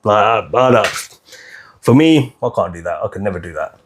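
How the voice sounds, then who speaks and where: Husky man ranting on a podcast. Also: on the low side, expressive, moderate pace. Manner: heated, preachy, repetitive. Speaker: podcast host. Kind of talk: casual opinionated podcast chat.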